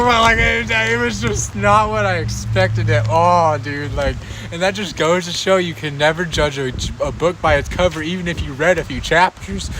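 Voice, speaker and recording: A man's voice: fairly high pitch, noisy background. A young man hosting a casual chat stream, telling a story with frequent laughter and lots of dude and bro. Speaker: livestream host.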